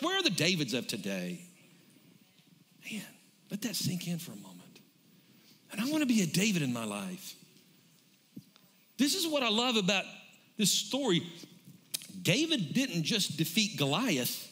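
A man's voice: a little high, big pitch swings, moderate pace, pauses often, sharp tone. A middle-aged pastor, preaching fervently and calling out to his congregation. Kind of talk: sermon.

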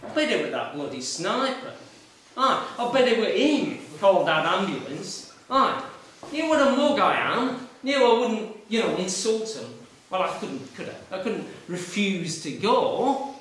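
This man's voice is high and fairly bright, a full character voice with big pitch swings and a slightly slow pace. He's an actor in a one-man stage show, playing a blustering, aggrieved middle-aged traffic warden live in a meeting room with an audience, rambling and self-pitying with abrupt outbursts. The echoey recording places him far from the mic.

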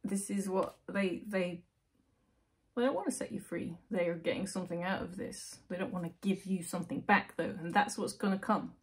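A woman with a gravelly, slightly husky voice gives a tarot reading straight to camera. She coaxes the viewer with question after question, then eases into slow, soothing guided breathing. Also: on the low side. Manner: coaxing, talks straight to the viewer with rhetorical questions. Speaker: tarot reader.

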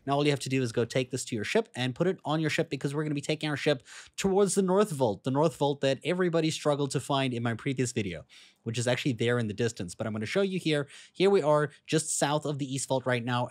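A young man with a slight foreign accent giving a relaxed, chatty step-by-step game walkthrough voice-over. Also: mid-range voice, dry recording, studio quality. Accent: non-native English accent. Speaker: gaming guide creator.

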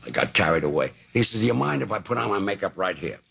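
A man in his nineties, a talk show guest telling anecdotes in a dry, deadpan way on an old TV broadcast tape. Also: deep voice, fast. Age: 90s. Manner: dry, deadpan storyteller with gravelly voice. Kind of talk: anecdotal storytelling.

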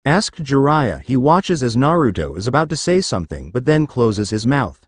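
Male narrator for read-aloud fan fiction, lively pitch, dry close mic. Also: normal speed, few pauses, husky, no echo.

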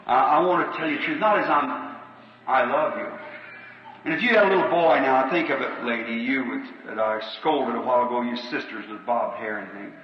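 A man's voice: medium pitch, a little fast, muffled recording, slight background noise. A man preaching a revival sermon with a Southern American accent, folksy and earnest, calling numbers out to a crowd. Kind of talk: revival sermon and healing line. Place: large auditorium. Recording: old echoey hall tape from far off.

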